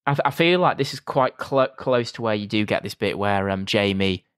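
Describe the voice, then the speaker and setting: A man's voice: fairly low pitch, fairly quick, fairly bright tone, smooth, no echo. A man, co-hosting a casual film review podcast, dry and wry, acting out bits of scenes. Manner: dry, acts out scenes in silly voices. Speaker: podcast co-host.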